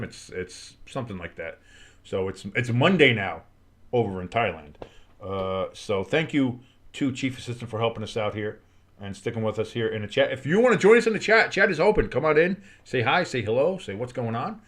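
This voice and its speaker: A man from America calling a football game live for a stream, chatting with viewers between plays, blunt and swearing, breaking into loud excitement at times. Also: fairly low pitch. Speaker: play-by-play streamer. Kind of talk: casual live play-by-play and reaction.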